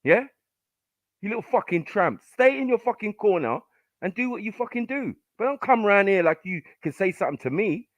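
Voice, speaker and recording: A man's voice: high-pitched, big pitch swings, fairly quick, no room sound. A man hosting a live podcast panel, angrily berating callers with constant swearing. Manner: aggressive, profane, shouting down callers. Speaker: podcast host. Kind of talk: heated live panel argument. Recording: dull lo-fi stream audio.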